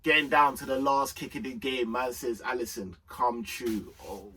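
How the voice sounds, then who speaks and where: A young man giving an excited football match reaction, full of slang, dropping to mutters and rising to shouts. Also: moderate pace, far from the mic, slight background noise. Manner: animated London slang, swings between low muttering and shouting. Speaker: football fan vlogger.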